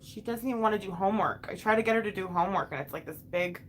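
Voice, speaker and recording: A woman's voice: mid-range voice, racing, slight background noise. A young woman and mother venting frankly to her live chat, emotional and swearing often as she restarts her sentences. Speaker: vlogger and mother.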